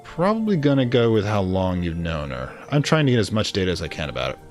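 A man hosting a live playthrough of a story game, musing aloud over his choices. His low voice moves in lively arcs, with soft music faint behind him. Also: fast. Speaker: let's play streamer.

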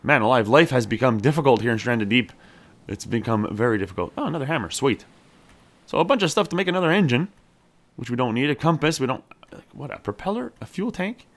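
A gameplay streamer gives fast, casual let's-play commentary, talking to his character like a buddy. His pitch swings widely, leaping high when the game excites him and dropping low when he mutters to himself.

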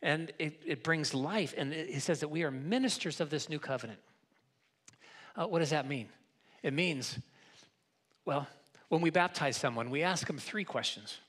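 In a church sanctuary, a pastor preaches to his congregation in a husky voice pitched somewhat high for a man. He speaks at normal speed with long pauses, keeping it relaxed and conversational, teasing the congregation and often repeating a word as he restarts before finishing a thought.

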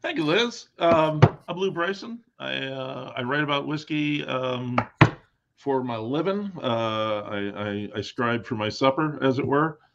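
A man's voice: mid-range voice, expressive, measured pace, gravelly, muffled recording, noisy background. A man co-hosting a podcast as a drinks writer, chatting casually, rambling and self-deprecating with many fillers.

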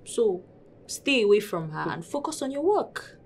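An actress playing a sensible friend who gives calm advice, speaking with a Nigerian English accent. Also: female voice, a little high, moderate pace, slight background noise. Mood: advising. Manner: calm, advising. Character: young woman, the maid's calm, sensible friend.

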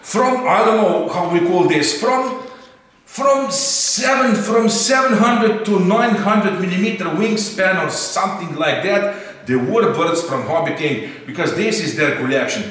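A man's voice: sits high, lively intonation, unhurried, fairly bright tone, distant mic. Chatty man. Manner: chatty, rambling, repeats "eh?". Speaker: RC hobby channel host. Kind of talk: casual unboxing chat. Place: indoor hangar room. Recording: echoey room, mic set back.

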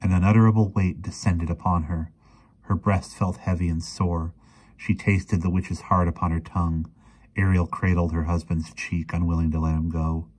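A man reading a fantasy novel aloud in a quiet, even storytelling manner. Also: sits low, moderate pace, breathy edge. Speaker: reader. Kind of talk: audiobook reading.

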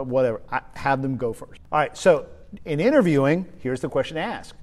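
Energetic man teaching leadership. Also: a little high, fast. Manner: energetic, emphatic, uses repetition. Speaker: leadership trainer. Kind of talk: spoken leadership lesson.

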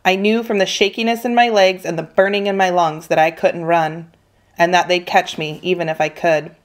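A woman teacher reading a children's novel aloud with steady, expressive storytelling. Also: on the low side, moderate pace. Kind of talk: children's book read-aloud.

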